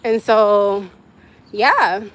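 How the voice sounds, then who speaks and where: Speaking extremely slowly, a young woman with a medium-pitched, fairly bright voice runs a casual phone livestream. Her chat with viewers is candid and rambling, punctuated by frequent laughter.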